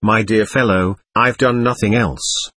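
A man reading the part of a suave, mocking male devil who talks like a worldly gentleman, with an ironic, chatty manner. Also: fairly low pitch, steady tone, a little slow, no room sound. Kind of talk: audiobook character reading.

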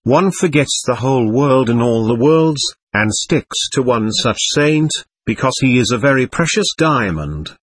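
A man reading the part of a suave, mocking male devil who talks like a worldly gentleman, with an ironic, chatty manner. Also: mid-range voice, expressive, measured pace, husky, no echo. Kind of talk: audiobook character reading.

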